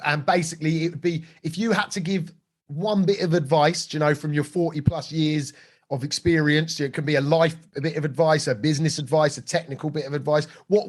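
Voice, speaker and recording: A man hosting a casual podcast interview, asking halting, encouraging questions. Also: on the high side, a little mellow. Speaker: podcast host.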